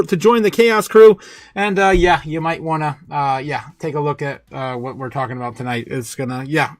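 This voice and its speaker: A man hosting a market livestream, excitable and quick to laugh, reading viewer chat aloud. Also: fairly high pitch, no room sound, clean studio sound. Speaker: host.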